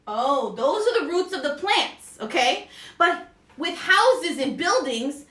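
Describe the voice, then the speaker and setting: A high-pitched woman runs a playful lesson for her young child, her voice swinging up and down as she coaxes and repeats words slowly for the child to copy. She is recorded in an echoey room, some distance from the microphone. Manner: animated, coaxing teacher, repeats words slowly. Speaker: parent teaching her child. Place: indoor room with a computer and slides.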